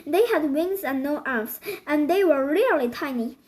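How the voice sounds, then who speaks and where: A woman reading a children's book aloud, halting and restarting often. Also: high voice, expressive, darkish tone, a little hiss or hum, low-quality recording. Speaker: storybook reader.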